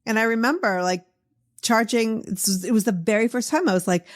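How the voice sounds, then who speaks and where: A woman's voice: a little high, normal speed. A middle-aged woman with a Boston accent hosting a podcast, chatting in a casual, encouraging way with lots of fillers. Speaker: podcast host. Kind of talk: casual interview chat.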